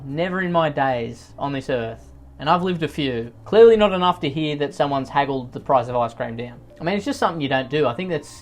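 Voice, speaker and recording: A man doing comedic commentary on read-out posts, reacting in exaggerated rants with sudden loud outbursts. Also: medium pitch.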